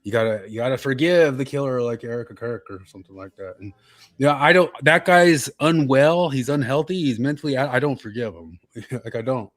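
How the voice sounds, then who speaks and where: A man's voice: medium pitch, fairly quick, no echo. Brief: male host, casual, rambling delivery, reads viewer comments, dry studio sound. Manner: rambling, with restarts and reading chat comments aloud. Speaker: podcast host. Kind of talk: casual chat.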